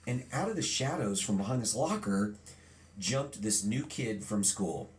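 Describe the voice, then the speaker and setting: A middle-aged man being interviewed, telling a childhood story in a lively storytelling way and acting out remembered lines. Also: fairly low pitch, measured pace. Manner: animated storyteller, acts out quotes. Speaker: guest.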